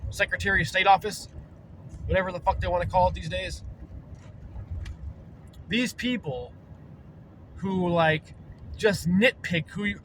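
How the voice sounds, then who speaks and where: A man's voice: high voice, a little hiss or hum, rough recording. A young man ranting angrily and profanely from inside his car. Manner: heated, profane, talks fast and loud. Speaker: vlogger. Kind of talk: angry rant.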